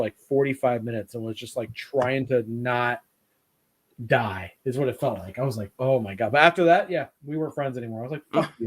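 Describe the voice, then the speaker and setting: A man hosting a casual chat, telling rambling stories with plenty of swearing and acted-out quotes. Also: medium pitch. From Italian heritage. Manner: rambling storyteller, swears freely, acts out quotes. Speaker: podcast host.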